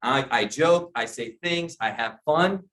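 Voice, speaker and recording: A man's voice: mid-range voice, measured pace, a bit bright. A middle-aged man leading a sales training session, talking casually and often checking in with his audience. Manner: conversational, asks the audience questions. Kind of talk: training talk to a group.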